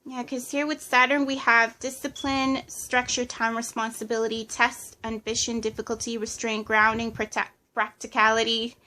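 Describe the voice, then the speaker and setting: A woman with a fairly high voice talks through a tarot reading. She lists impressions as they come, pausing and hedging with plenty of fillers. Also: level tone, sharp tone. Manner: hesitant, channeling impressions, many fillers. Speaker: tarot reader. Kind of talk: casual pick-a-card reading.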